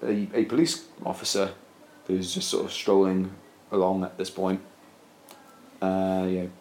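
Deep-voiced man rambling through a comic tale. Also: unhurried. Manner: rambling, deadpan, many fillers. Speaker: storyteller. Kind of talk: casual comic storytelling. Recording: roomy echo, faint ambience.

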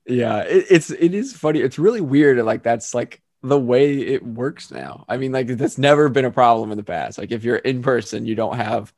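Young man, casual chat, relaxed, frequent laughter, fillers, dry sound. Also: mid-range voice, moderate pace, hardly any pauses, no echo.

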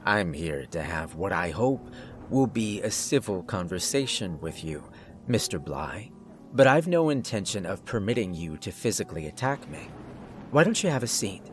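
A man reading a calm, menacing doctor who speaks politely with clinical detachment. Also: low-pitched, moderate pace, soft background music. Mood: coldly polite.

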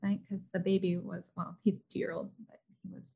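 A woman's voice: medium pitch, wildly swooping pitch, slow, vocal fry, long pauses, a little mellow. Chatty woman podcast host. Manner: chatty, many fillers and restarts. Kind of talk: casual interview chat.

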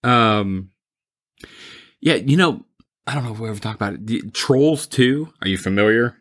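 A man's voice: on the low side, animated, normal speed, fairly bright tone. A man chatting casually about movies, rambling and mocking, laughing often.

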